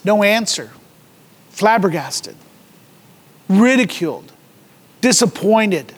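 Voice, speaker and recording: A man's voice: high voice, moderate pace, in a large hall. A man preaching a sermon, reading scripture aloud dramatically and acting out mocking voices. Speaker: pastor.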